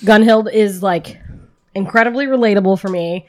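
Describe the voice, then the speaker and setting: A woman's voice: medium pitch, moderate pace, darkish tone, a little hiss or hum. A woman co-hosting a comics podcast, chatting casually with lots of "like" and small laughs. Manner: chatty, full of "like" and little laughs. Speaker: podcast co-host. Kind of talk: casual chat about comics.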